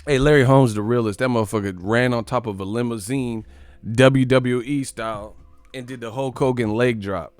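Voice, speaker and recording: A man's voice: medium pitch, steady tone, normal speed, clear, resonant tone, no echo, faint music behind. A man hosting a boxing live stream, ranting profanely and animatedly about the sport. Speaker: boxing channel host.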